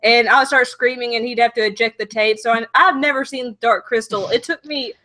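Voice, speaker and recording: A woman's voice: a little high, fairly quick, pushed and bright. A young woman with a Southern US accent hosting a casual livestream chat, talkative and apologetic, with many "like"s. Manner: chatty, apologetic, lots of "like". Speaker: livestream host.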